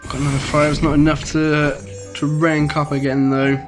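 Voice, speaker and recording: A man talks through a mobile game in a loose, rambling way, full of ums and sudden bursts of excitement. His voice sits a little high for a man. Loud music plays behind him the whole time. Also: normal speed. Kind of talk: casual gameplay commentary.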